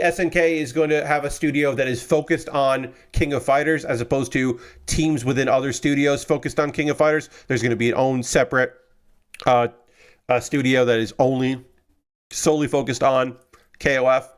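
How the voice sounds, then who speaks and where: A tired man hosting a casual model-building live stream, rambling in a relaxed way with lots of filler words and restarts. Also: a little high, clear, resonant tone. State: tired, yawning.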